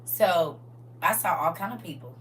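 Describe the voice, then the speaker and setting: A woman of about forty telling stories from her past in a casual, animated way, full of slang and laughter. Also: on the low side, normal speed, distant mic, slight background noise. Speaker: livestream co-host. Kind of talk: casual storytelling chat.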